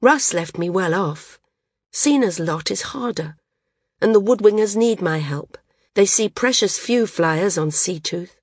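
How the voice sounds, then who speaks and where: A woman's voice: medium pitch, animated, a little slow, slightly rough, no room sound, studio quality. A woman reading a devoted woman flyer. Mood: coaxing. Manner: coaxing, impassioned dialogue reading.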